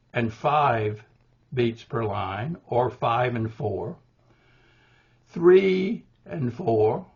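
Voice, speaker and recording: An older man teaching a poetry workshop, explaining meter in a deliberate way with small restarts. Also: medium pitch, husky. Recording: dull, muffled recording.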